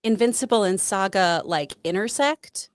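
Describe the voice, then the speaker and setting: A woman on a talk show lays out her points in an articulate, teacherly way. Her voice sits at an ordinary pitch, and the sound is dry and close to the mic. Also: animated, moderate pace, no room sound. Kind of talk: casual chat.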